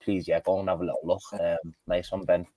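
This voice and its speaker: A man talking football as a guest on a live chat show, in quick, laughing, sweary banter. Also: low-pitched, flat delivery, mellow, no echo. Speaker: guest podcaster.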